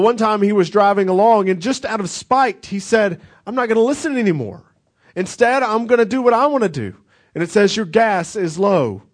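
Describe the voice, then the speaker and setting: A man, a pastor, preaching a sermon in a conversational way, with frequent restarts and acted-out quotes. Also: a little high.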